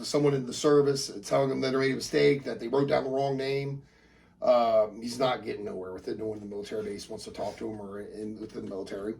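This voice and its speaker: A man's voice: mid-range voice, creaky, a little mellow, recorded from a distance. A man narrating as game master of a tabletop game, rambling with many fillers and restarts.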